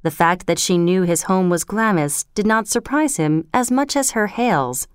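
A woman narrating a storybook in a measured, clear way. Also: mid-range voice, animated, dry recording, clean studio sound.

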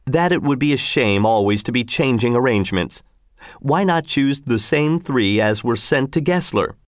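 Man doing an earnest patriot, storybook, slightly raised pitch, lively intonation. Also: normal speed, no room sound, clean studio sound, close to an everyday voice. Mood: proposing. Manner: earnest, self-satisfied recounting. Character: earnest, indignant male patriot envoy.

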